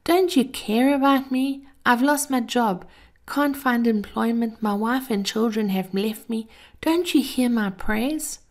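A woman's voice: fairly high pitch, steady tone, a little slow, gravelly, pitched above the performer's own voice. A woman voicing a desperate, self-pitying man who cries out in a raised, wailing voice. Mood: pleading.

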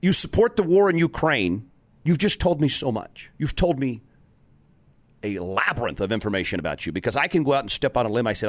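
Male talk show host, mid pitch, sarcastic and animated, on a dry close mic. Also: moderate pace, no room sound. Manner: animated, sarcastic, rising to emphatic outbursts. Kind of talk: political talk show monologue.

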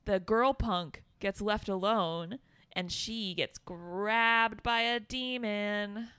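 A woman's voice: mid-range voice, slow pace, fairly bright tone, smooth, dry recording. A woman co-hosting a podcast in casual chat, laid-back, saying "like" often and swearing. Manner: laid-back, frequent "like", swears, laughs at the story. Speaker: podcast co-host.

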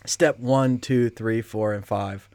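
A man's voice: mid-range voice, fairly even intonation, takes it slowly, a little mellow, no echo. A young man in his everyday, mid-range voice, recorded dry and close. He tells rambling, self-mocking stories about his narration work with casual cursing. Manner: self-deprecating, storytelling, profane. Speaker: audiobook narrator, podcast co-host. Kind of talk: casual chat.

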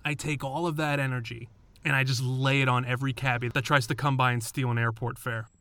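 A man's voice: mid-range voice, steady tone, fairly quick, bright, forceful tone. A man narrating his own story in a scripted, blunt and profane first-person telling.

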